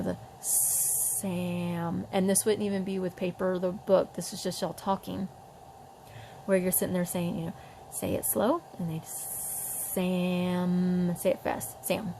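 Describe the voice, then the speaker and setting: Woman, gravelly, flat delivery, parent teaching reading, faint background noise. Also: fairly low pitch, low-quality recording. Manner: demonstrates sounds slowly, chatty with fillers. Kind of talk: casual home tutorial.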